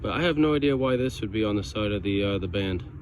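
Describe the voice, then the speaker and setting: A man's voice: on the low side, animated, fast, a little hiss or hum. A man from New York vlogging while metal detecting outdoors in a grassy yard. He chats casually to the camera, thinks aloud about each find and keeps calling his viewers guys.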